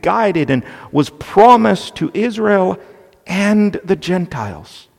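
A man preaching an expository sermon, slow and deliberate, stressing key points with emphasis. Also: sits high, big pitch swings, vocal fry. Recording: long reverb of a large hall.

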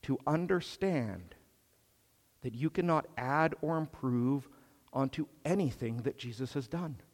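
A man preaching a sermon in a slow, measured way, swelling on emphatic phrases. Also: mid-range voice, animated, long reverb tail.

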